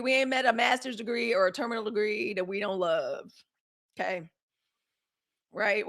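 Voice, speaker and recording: A woman hosting a daily live news stream, talking in a sassy, animated way straight to her viewers. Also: medium pitch. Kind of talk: casual live-stream commentary.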